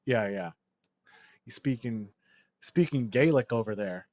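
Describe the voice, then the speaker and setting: A man's voice: mid-range voice, lively intonation, unhurried, a little mellow, dry recording. A man live-streaming a speedrun, chatting casually and joking with his viewers.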